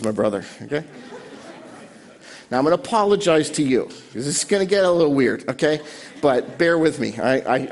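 A man preaching a sermon from a church stage, animated, with dramatic pauses and quiet emotional drops. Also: medium pitch. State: choked up. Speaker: pastor.

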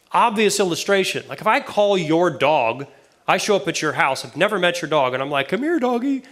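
Animated, higher-voiced man preaching. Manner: casual and animated, with asides and questions to the listeners. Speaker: pastor. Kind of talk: conversational sermon with Bible reading.

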